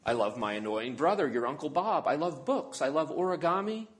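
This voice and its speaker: A man voicing a patient father, speaking softly and explaining things calmly. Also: fairly high pitch, a little fast, voice pushed up, natural voice. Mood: gentle. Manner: calm, soft, explaining. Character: patient gentle father talking to his daughter.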